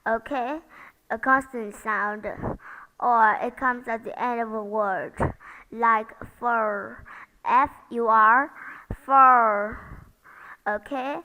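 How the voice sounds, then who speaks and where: Slow, deliberate woman teaching pronunciation. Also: a little high, fairly even intonation, pushed and bright, big-room sound, poor audio. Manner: deliberate, models sounds and asks learners to repeat. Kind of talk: slow, careful pronunciation lesson.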